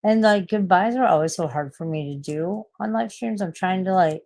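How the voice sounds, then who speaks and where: A woman's voice: lowish voice, moderate pace, gravelly, a little mellow. A woman in her forties chatting casually on a late-night live stream, rambling, swearing a lot and laughing at herself. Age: 40s.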